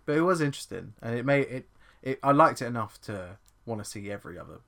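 A man's voice: medium pitch, animated, fast, gravelly, fairly bright tone. A man co-hosting a casual podcast, teasing and swearing. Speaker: podcast co-host. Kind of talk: casual chat.

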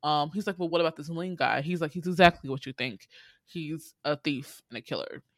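A young adult podcaster talks through a movie plot in a loose, rambling way, with plenty of swearing, fillers and bursts of laughter. The voice sits at a middle pitch and is recorded up close with almost no room sound. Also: a little fast, dry recording. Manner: swears freely, laughs often, quotes characters; rambling, many fillers and asides. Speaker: film recap podcaster. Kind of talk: casual profane movie recap.

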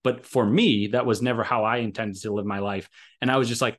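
A man's voice: medium pitch, fairly quick, fairly bright tone. A man speaks in an ordinary mid-range voice, talking casually on a podcast. He rambles through a personal story, full of fillers and restarts.

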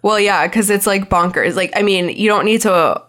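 A woman's voice: medium pitch, normal speed, fairly bright tone. A young adult woman co-hosting a casual chat, talking loosely with many fillers and frequent laughter. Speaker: podcast co-host.

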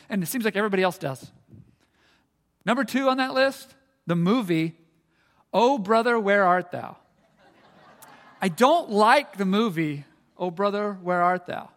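A middle-aged man preaching a casual, humorous sermon as pastor, chatty and self-deprecating with halting restarts. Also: high voice, fairly bright tone. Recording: long reverb of a church hall.

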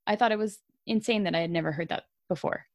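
A woman's voice: mid-range voice, quick pace, no echo, clean studio sound. Laughing Canadian woman telling a story. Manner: laughs often, animated storytelling. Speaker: podcast co-host. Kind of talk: casual chat, storytelling.

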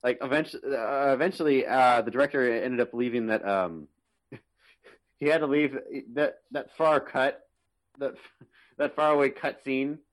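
A man chatting about movies on a casual podcast over a remote call. He keeps breaking into laughter and swears easily. His voice sits at a middling pitch. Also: unhurried. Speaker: podcast co-host.

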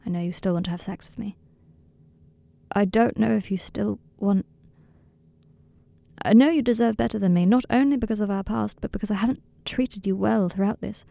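A woman's voice: medium pitch, creaky, warm tone, no echo, natural voice. A woman voicing an anxious young man who pleads through tears in an audiobook-style fan fiction reading. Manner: pleading, emotional, breaking. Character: tearful anxious young man confessing love.

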